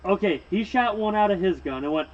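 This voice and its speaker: A man's voice: sits high, expressive, fairly quick. A man in casual chat who keeps correcting details and chiming in over his partner. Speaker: podcast co-host. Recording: dull lo-fi recording with faint noise.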